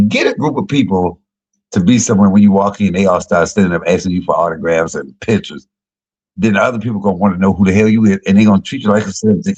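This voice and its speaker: A middle-aged man, a comedian, telling profane, joking stories on a casual livestream and jumping high in pitch when he quotes people. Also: darkish tone, slightly rough, poor audio. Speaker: comedian and YouTube cook.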